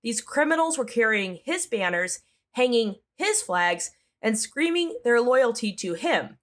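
Sarcastic, animated woman news host. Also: a little high, unhurried. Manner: sarcastic, exasperated, jokey asides. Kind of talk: comedic solo news commentary.

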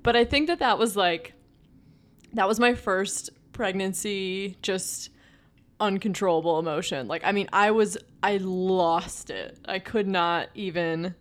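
A woman's voice: mid-range voice, a little slow. A young woman co-hosting a podcast in casual chat, talking in a chatty way with many fillers and restarts. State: pregnant. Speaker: podcast co-host.

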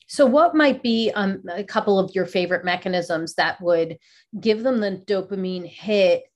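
Woman interview host, middle pitch, rambling casual questioner. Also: normal speed. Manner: rambling long questions with many fillers. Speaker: podcast host.

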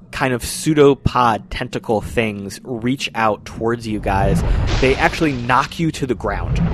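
A man's voice: medium pitch, a little hiss or hum. A man narrating as game master in a tabletop game, describing scenes unhurriedly.

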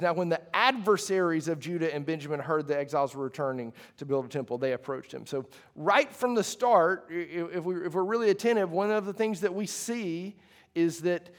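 A man preaching a sermon to a congregation, talking in a conversational way with restarts and asides. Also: a little high. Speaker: pastor. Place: church hall before a congregation.

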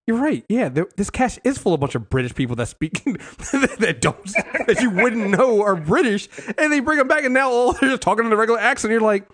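A young man hosts a casual recap chat about a TV episode, his voice a bit higher than most men's. He rambles with plenty of ums and restarts and keeps his delivery lively and animated. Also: brisk, few pauses. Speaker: podcast host.

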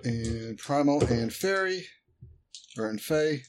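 A man playing a tabletop game, speaking at an unhurried, slow pace. He jokes around and treats the scene irreverently. His pitch sits in an ordinary middle range. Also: expressive, a little hiss or hum. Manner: joking, irreverent. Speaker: player.

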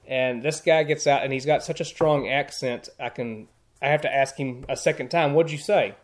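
A man of ordinary pitch tells trail stories as a podcast guest. He is earnest and plainspoken, and he often repeats a word before finding his thought. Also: fairly even intonation, normal speed. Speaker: podcast guest, thru-hiker. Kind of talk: casual storytelling.

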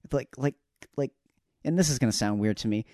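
A man's voice: medium pitch, dark tone, dry recording, studio quality. A man co-hosting a podcast, reviewing a film in a casual, thoughtful way with frequent restarts. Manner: thoughtful, halting restarts, laughs easily. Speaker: podcast co-host.

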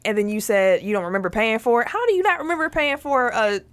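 A woman's voice: on the high side, very animated, fast talker, no room sound. A woman hosting a casual sports talk show, reading out game news and joking with her co-hosts. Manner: reads out news items, then jokes along.

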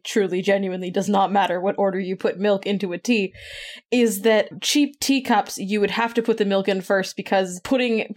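A woman from Canada co-hosting a podcast, chatting casually and riffing with frequent laughter. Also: medium pitch. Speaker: podcast co-host. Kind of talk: casual chat.

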